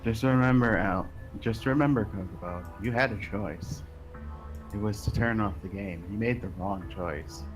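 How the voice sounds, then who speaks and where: A man's voice: lowish voice, moderate pace, over music, poor audio. A man on a gaming stream trading dry, sarcastic jokes about the game. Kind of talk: let's play banter.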